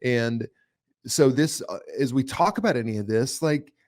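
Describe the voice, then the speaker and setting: Podcast host, male, forties, mid-pitched, earnest and reflective in casual talk. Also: normal speed, darkish tone. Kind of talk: casual conversation.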